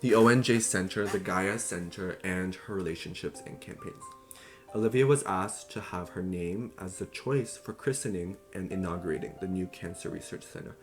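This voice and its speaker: Low-voiced man summarizing a book. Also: moderate pace. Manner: loose and chatty, with fillers and self-corrections. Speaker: book reviewer. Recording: clear music playing behind.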